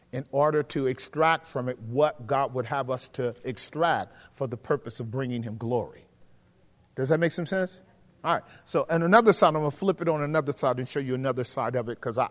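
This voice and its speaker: A man preaching a sermon, asking the congregation questions and swinging between quiet, low stretches and emphatic rises. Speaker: pastor. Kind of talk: sermon teaching. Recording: hall with long reverb.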